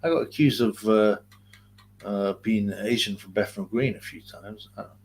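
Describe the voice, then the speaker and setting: A man's voice: on the low side, normal speed. Rambling London man on a livestream. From Greater London. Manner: rambling, slangy, reads chat aloud. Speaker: livestream host. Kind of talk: casual livestream chat.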